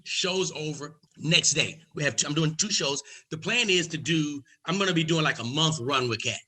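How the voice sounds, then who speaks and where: A man from the United States, a comedian guest, telling a lively story and acting out each voice. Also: a little high, normal speed, rough recording. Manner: lively, acts out every voice. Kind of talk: animated storytelling.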